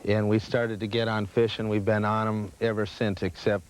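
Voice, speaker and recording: Low-voiced, matter-of-fact fishing guide. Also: male voice, flat delivery, normal speed, clean tone. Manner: plain, matter-of-fact explaining. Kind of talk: casual on-the-water fishing chat. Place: outdoors on a boat on a lake. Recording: 1980s VHS field audio with light noise.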